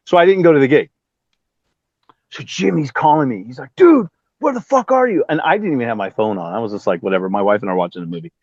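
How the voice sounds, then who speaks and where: A middle-aged Southern Californian musician, a guest in a casual interview, tells a story fast in a fairly low, slightly mellow voice. He swears freely and acts out other people's voices, and the dry recording sounds a little dull with no room sound.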